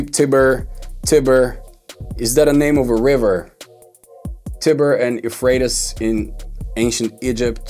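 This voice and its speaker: A man's voice: medium pitch, dark tone. A man giving a casual lesson on rhyming, thinking aloud and repeating words as he works out rhymes. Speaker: songwriting teacher.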